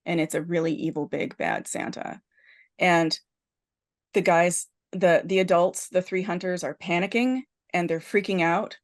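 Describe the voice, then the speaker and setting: A woman hosting a podcast animatedly retells a horror film's plot in casual chat, leaning heavily on "like" and restarting her sentences. Her voice is lowish and unhurried.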